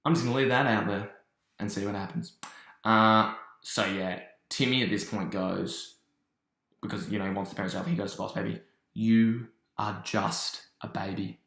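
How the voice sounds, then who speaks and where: A man's voice: on the low side, creaky, echoey room. Chatty man recapping a cartoon episode. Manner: chatty, animated storytelling with quick asides. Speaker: reviewer. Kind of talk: casual episode recap and review.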